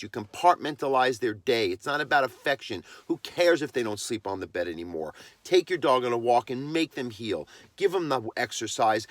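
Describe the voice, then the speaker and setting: A man's voice: mid-range voice, no room sound. Blunt, impassioned man on a podcast. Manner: impassioned ranting, blunt and emphatic. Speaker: podcast host and dog trainer. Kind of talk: solo podcast monologue.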